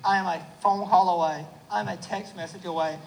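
A pastor delivering a sermon in a church, emphatic, repeating phrases and slowing to stress key words. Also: medium pitch, steady tone, creaky, rough recording.

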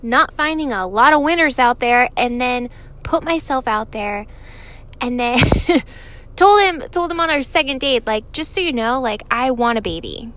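A woman's voice: on the high side, expressive, normal speed, fairly bright tone. A woman in her thirties from California, telling a personal story to viewers in a chatty way, swearing freely and laughing often.

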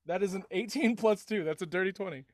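A man playing in a tabletop game, animated and quick to laugh. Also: high voice, no echo, studio quality. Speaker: player. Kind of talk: casual tabletop play.

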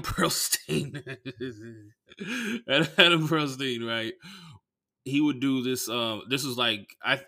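A comedian from the Bay Area tells stories on his podcast. He is loose and profane, and he fills his speech with "like". His man's voice sits at a middle pitch with a bright, forceful edge. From San Francisco Bay Area. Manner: animated, profane, heavy use of "like". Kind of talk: casual comedic storytelling.

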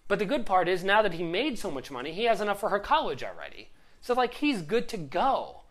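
A motivational life coach talking conversationally, with a voice that rises and falls a great deal. The delivery is animated and chatty, and it keeps checking in with the listener with a quick "right?". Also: mid-range voice. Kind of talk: motivational talk.

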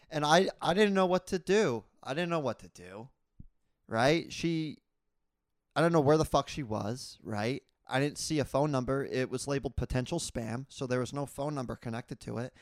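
Young male podcast host, smooth clear voice, dry close sound, casual rambling delivery. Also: medium pitch, no echo. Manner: casual, rambling with fillers and repeats. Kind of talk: solo podcast monologue.

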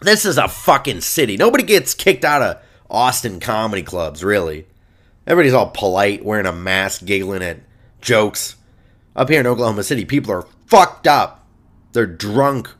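A man's voice: lowish voice, lively intonation, normal speed, fairly bright tone. A young man hosting a podcast, riffing in a brash, profane and rambling way with mock boasts. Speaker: comedian and podcast host. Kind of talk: casual comedic monologue.

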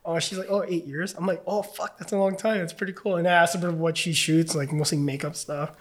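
A man's voice: fairly high pitch, steady tone, fairly quick. A man casually telling a story as a podcast guest, loose and chatty, full of fillers and swearing.

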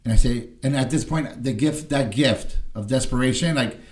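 A man's voice: mid-range voice, normal speed. A man guest on a podcast telling his recovery story with emotion, often checking in with "right?" and restarting his words. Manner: emotional, tag questions "right?" between phrases.

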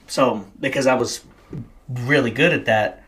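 A man's voice: mid-range voice, measured pace, a bit bright, a little hiss or hum. A man in his thirties, a podcast host, telling stories in casual, profane, slangy chat. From United States.

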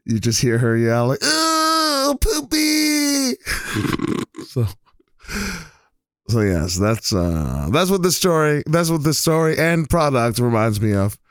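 Male podcast host, mid-pitched, halting and rambling, dry recording. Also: very animated, no room sound. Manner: rambling, halting with many fillers and restarts. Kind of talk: casual podcast banter.

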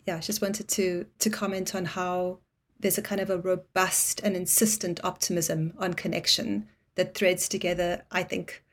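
A woman hosting an interview, speaking in a measured, thoughtful way and building long reflective questions for her guest. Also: fairly low pitch, little pitch movement. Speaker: podcast host interviewing a guest.

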